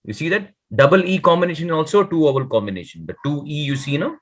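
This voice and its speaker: A man teaching a beginner Dutch lesson over a video call, patient, and sounding out words very slowly. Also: fairly high pitch, animated. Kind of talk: online one-to-one language lesson.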